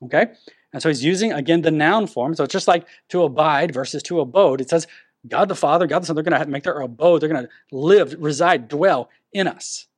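Guy preaching a sermon, kinda high-ish voice, goes verse by verse, restarts a lot. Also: a little fast, husky. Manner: teaching verse by verse, emphatic with frequent restarts. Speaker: pastor.

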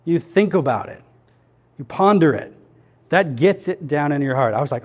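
A man's voice: on the high side, lively intonation, normal speed. A man preaching a sermon as pastor to his church, in an earnest, conversational way with many questions to the listeners.

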